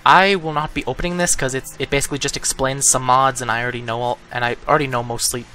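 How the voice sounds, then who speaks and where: Young guy let's play host, bright tone, ums a lot, chuckles, close desk mic. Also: medium pitch, steady tone, quick pace, a little hiss or hum. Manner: rambling, lots of ums and self-corrections; chuckling, easygoing. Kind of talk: casual gameplay commentary. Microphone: desk microphone, breathes into it.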